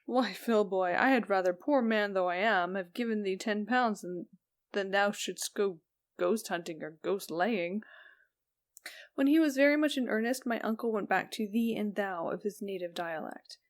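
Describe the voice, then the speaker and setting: This audiobook narrator reads a Victorian ghost story in a mid-range voice. Her pace is slow and steady, and she softens downward at each speech tag.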